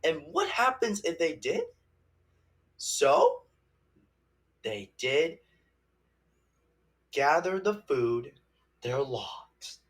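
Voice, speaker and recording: A young man giving a casual movie review, rambling and halting with many restarts and fillers. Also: fairly high pitch, wildly swooping pitch.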